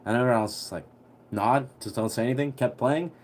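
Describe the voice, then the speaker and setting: A young man telling a story on a livestream in a relaxed, rambling way, full of fillers. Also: medium pitch, fast, slight background noise. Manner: rambling, heavy on fillers, laid-back.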